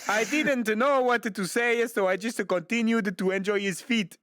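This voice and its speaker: A man hosting a show, reading a listener confession aloud for laughs in a deadpan way, with mock-Italian exclamations. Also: high-pitched, normal speed. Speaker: show host.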